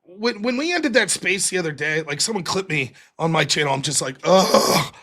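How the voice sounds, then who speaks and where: A man hosting a live stream, chatting casually and mimicking other people with animated retellings; he says he is losing his voice. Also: a little high, brisk. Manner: animated, mocking imitations of others. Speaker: host.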